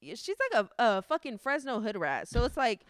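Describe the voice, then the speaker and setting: A young woman co-hosting a podcast, chatting and telling a story with slang and cursing. Her voice is fairly high and smooth. The sound is dry and close. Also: big pitch swings, brisk, no room sound. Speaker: podcast co-host. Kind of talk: casual chat.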